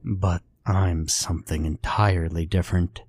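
A man voicing a young woman turned into a bleeding winged creature, speaking softly and sadly in a weak whisper. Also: low-pitched, steady tone, moderate pace, breathy edge. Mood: sorrowful. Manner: soft, weak, sad whispering.

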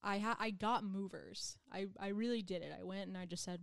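A woman's voice: medium pitch, brisk, vocal fry, few pauses, clear, resonant tone, dry recording, clean studio sound. A young woman who is a podcast guest, telling stories in blunt, slangy casual chat. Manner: slangy, blunt, animated storytelling.

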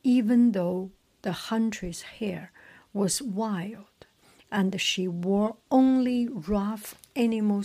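A woman reading a myth aloud in a soft whisper, breaking off now and then for chatty asides full of slips and restarts. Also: medium pitch. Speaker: storyteller. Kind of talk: whispered storytelling.

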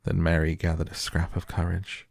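A man gently reading a classic novel aloud as a soft bedtime story. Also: low voice, monotone, creaky, no room sound, clean studio sound. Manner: gentle, unhurried. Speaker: audiobook narrator.

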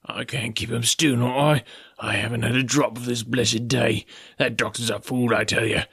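A man reading an audiobook voices an old, sick sea captain who talks like a salty sailor, cursing and wheedling in a gravelly, raspy voice. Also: medium pitch, little pitch movement, moderate pace, a bit bright, dry recording, studio quality, heavily acted. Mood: pleading. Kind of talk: audiobook character voice.

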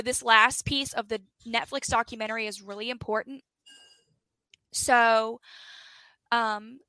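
A young woman co-hosts a true-crime podcast, retelling a story with lively, animated energy and plenty of swearing. Her voice is bright and fairly high. The sound is dry and close to the mic. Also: no echo, low-quality recording. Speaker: podcast co-host.

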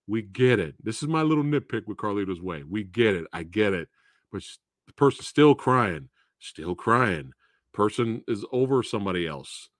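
A man rambles through a casual movie review, his pitch jumping all over the place as he repeats himself, swears freely and laughs along the way. The sound is dry and close, with no room around it. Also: no echo. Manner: animated, profane and repetitive, laughing often. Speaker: movie review show host.

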